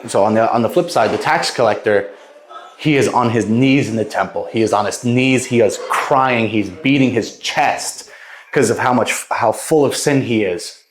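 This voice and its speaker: A man's voice: mid-range voice, moderate pace, echoey room. A young man casually retelling a Bible parable, rambling and repeating words as he goes. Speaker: vlogger.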